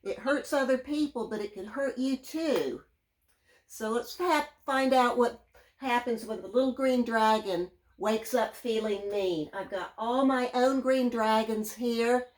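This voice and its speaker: A woman teacher reading a children's story aloud, gentle and drawn out, leaning into the sound words. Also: fairly high pitch, a little slow, poor audio.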